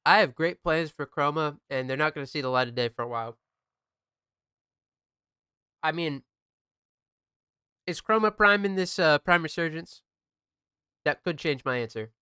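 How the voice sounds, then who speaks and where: A man's voice: fairly high pitch, normal speed, pauses often, bright, forceful tone, smooth, dry recording, clean studio sound. A young man chatting casually while streaming a game, laid-back, joking and swearing often. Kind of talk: casual chat while gaming.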